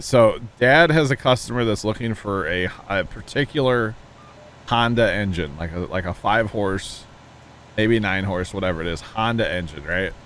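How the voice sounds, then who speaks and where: Chatty low-voiced man streaming a farm game. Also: fairly bright tone. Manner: chatty, rambling, folksy storytelling. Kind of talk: casual livestream chat while playing.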